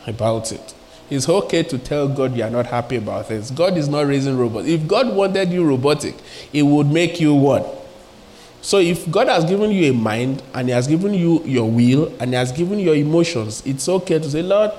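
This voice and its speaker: A man preaching a sermon in a lively, conversational way, asking his listeners questions and acting out little everyday scenes. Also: medium pitch, a little hiss or hum. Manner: acts out little scenes with quoted voices.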